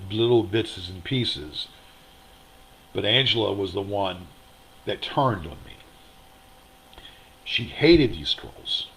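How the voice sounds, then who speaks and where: A man with a low-pitched voice rants on his own online show from a motel room, rambling, aggrieved and repeating himself in an angry livestream monologue. The recording is rough, with a little hiss or hum.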